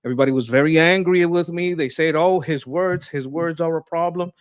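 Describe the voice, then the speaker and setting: Brief: fired-up male political commentator, slightly high voice, dry close mic, rants and swears. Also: brisk, smooth, no echo. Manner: impassioned, swearing, repeats words when worked up. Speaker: co-host. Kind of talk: heated political discussion.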